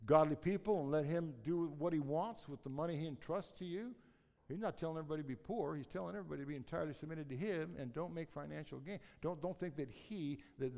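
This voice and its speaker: A middle-aged man preaching a sermon as pastor in a church, animated and rambling, restarting his sentences often. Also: on the high side, vocal fry, long reverb tail. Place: church sanctuary.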